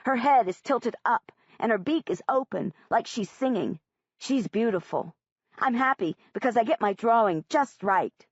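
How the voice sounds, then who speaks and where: A woman reads a first-person audiobook with a lively, expressive pitch. She speaks plainly and clearly. The recording is dry and a little muffled. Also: normal speed, no echo. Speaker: audiobook narrator.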